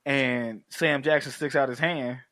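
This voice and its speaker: Animated, profane man recapping a film. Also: mid-range voice, unhurried, dry recording. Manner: animated, profane, acts out scenes in voices. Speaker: podcast co-host. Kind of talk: casual film recap chat.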